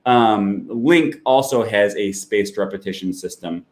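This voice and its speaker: A man hosting a language-learning channel, explaining in a relaxed, chatty way with fillers and self-corrections while he clicks through an app. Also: on the low side, a little slow. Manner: walks through an app on screen while talking. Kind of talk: casual explanatory talk.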